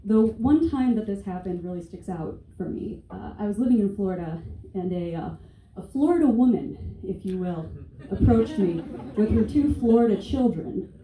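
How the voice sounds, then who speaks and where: A woman's voice: medium pitch, lively intonation, normal speed, mellow. A woman in her twenties doing a stand-up comedy set on stage, sarcastic, profane and conversational. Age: 20s. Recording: echoey room, distant mic, faint noise.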